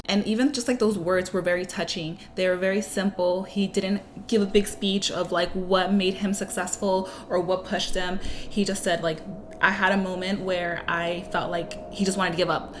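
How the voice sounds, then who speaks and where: A woman's voice: lowish voice, steady tone, moderate pace, slight background noise. A young woman co-hosting a podcast in casual chat, speaking in a reflective, thoughtful way. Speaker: podcast co-host.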